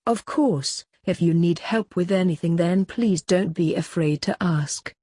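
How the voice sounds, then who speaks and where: A woman voicing a kind, polite teenage girl who is class rep, in a husky voice for an amateur audiobook. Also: on the low side, unhurried, dry recording, clean studio sound. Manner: polite, gentle.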